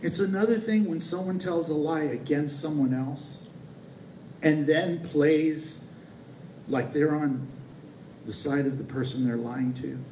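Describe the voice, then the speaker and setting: A pastor with a slightly high voice preaches a sermon in a conversational style full of playful asides, speaking at a measured pace. He's recorded from far off in an echoey church sanctuary, with a little hiss or hum.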